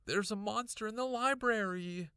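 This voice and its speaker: Casting: man voicing a young girl, high and shrill, frantic and breathless, storybook reading. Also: moderate pace, pushed and bright, clear, resonant tone, no room sound, studio quality. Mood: urgent. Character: excitable young girl, frustrated, insistent.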